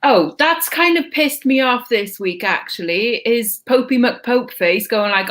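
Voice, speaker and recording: A woman's voice: fairly high pitch, lively intonation, a little slow, hardly any pauses, a bit bright. A woman hosting a casual live stream, chatty and blunt, swearing freely. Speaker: channel host.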